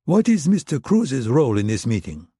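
A man reading a wary corporate lawyer, formal and guarded, poking at each statement with dry questions. The tone stays husky and mellow in a close, dry recording. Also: mid-range voice, very animated, moderate pace, no echo, voice pushed up. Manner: formal, guarded, dryly probing.

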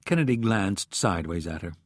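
Male audiobook narrator, measured and steady, husky tone, dry booth sound. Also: low voice, no echo. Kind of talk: scripted narration.

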